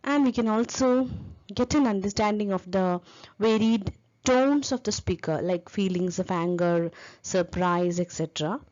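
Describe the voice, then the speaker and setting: A woman's voice: medium pitch, a little mellow, highs cut off. A woman giving a lecture on teaching English, explaining step by step and spelling out example words.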